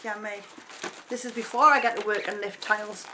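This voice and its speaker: A woman, chatting excitedly to her viewers as she unboxes makeup for a vlog. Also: medium pitch, a little fast, background noise. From North East England. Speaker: beauty vlogger. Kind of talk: casual unboxing chat.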